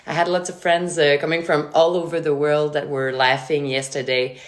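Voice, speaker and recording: A woman's voice: low-pitched, moderate pace. A chatty middle-aged woman from Quebec with a Quebec French accent, leading a live online wine tasting class in English. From Quebec, Canada. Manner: chatty, lively, switches to French greetings. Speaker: wine educator.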